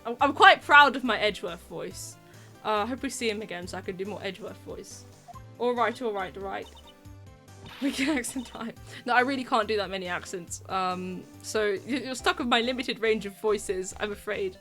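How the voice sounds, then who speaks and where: A woman's voice: medium pitch, normal speed, pushed and bright, faint music behind. A British woman casually commenting on a game stream, chatty and self-deprecating. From Britain.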